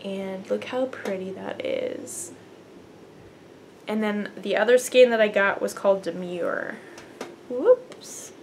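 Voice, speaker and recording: A woman's voice: mid-range voice, creaky. Young woman chatting about yarn at home, bubbly, lots of ums, faint room hum. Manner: chatty and bubbly, fillers and laughs, talks to her cat. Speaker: knitting podcast host. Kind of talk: casual chat to camera. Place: apartment at home.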